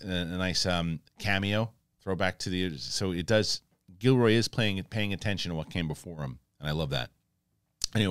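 Deep-voiced man recapping with animated asides. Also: no room sound, clean studio sound. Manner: animated, acts out quotes, many restarts. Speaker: host. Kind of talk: casual review recap.

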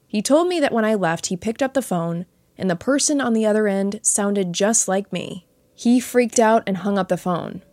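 A woman hosting a spooky story show, reading listener stories aloud in a soft, earnest storytelling voice. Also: medium pitch, no room sound. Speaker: host and narrator.

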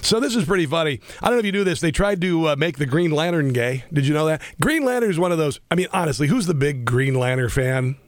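A man hosting a political talk radio show, sarcastic and combative, talking fast with many restarts. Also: a little high, animated, dry recording.

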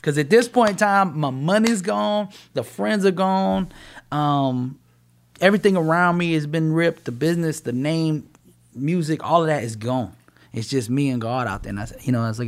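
A man's voice: a little high, moderate pace. A man telling a personal story with energy, acting out the voices of people in it. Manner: animated storytelling, acts out quoted voices. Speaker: guest.

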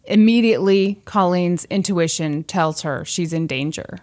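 A woman co-hosting a podcast, casually telling a true crime story with animated delivery and acted-out quotes. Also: fairly low pitch, unhurried. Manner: animated, acts out quoted voices, laughs often.

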